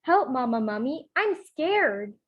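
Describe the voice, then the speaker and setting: Woman reading small boy mummy, storybook, stubborn, slow and high. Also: sing-song, husky, muffled recording, full character voice. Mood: calling, insistent. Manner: insists, calling out.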